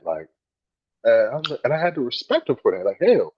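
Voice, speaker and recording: A man's voice: mid-range voice, wildly swooping pitch, fairly quick, muffled recording. A man co-hosting a casual podcast, telling stories with lots of swearing and acting out his friends' quoted words. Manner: swears freely, many "like" fillers. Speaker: podcast co-host.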